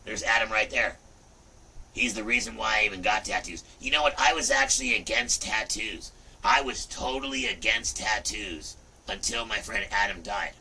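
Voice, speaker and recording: A middle-aged man hosting a livestream, talking in a rambling, profane way with loud outbursts. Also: lowish voice, normal speed, slightly rough, recorded from a distance. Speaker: livestream host. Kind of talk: rambling casual livestream chat.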